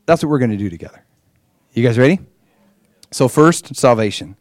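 A man's voice: medium pitch, expressive, brisk, dry recording. Earnest male pastor in a dry room. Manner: earnest, conversational storytelling. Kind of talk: sermon with guided prayer.

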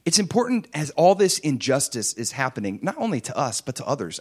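A middle-aged man preaching a sermon, impassioned, swinging between loud emphatic lines and soft hushed ones. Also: mid-range voice, very animated, fast talker, few pauses, breathy edge.

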